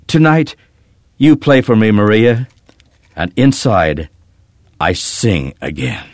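A man playing a bitter, grieving father who answers in curt, gruff lines. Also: on the low side, sing-song, slow pace, no room sound, studio quality. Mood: softened. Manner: curt, gruff, softening to quiet.

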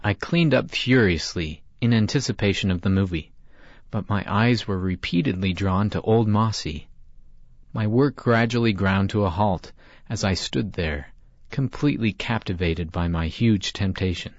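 A male storyteller reads in scripted narration, measured and reflective. His voice is on the low side. The recording is dull and dry, like lo-fi audio from a small booth. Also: no echo.

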